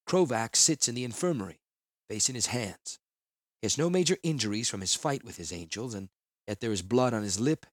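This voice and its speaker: A man narrating a fantasy audiobook in a solemn, measured manner. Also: mid-range voice, a bit bright, husky, no room sound.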